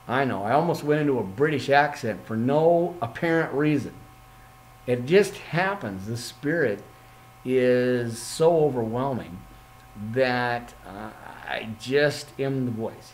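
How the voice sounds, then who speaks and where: A man's voice: mid-range voice, a little hiss or hum, poor audio. A man preaching an informal online Bible study, reading scripture aloud and breaking off into playful, rambling asides.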